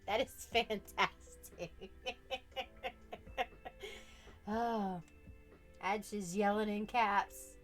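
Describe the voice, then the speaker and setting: Slow, playful woman chatting on stream. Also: medium pitch, steady tone, soft background music. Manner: teasing, playful, laughs often. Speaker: artist live-streaming and chatting with viewers. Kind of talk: casual live-stream chat.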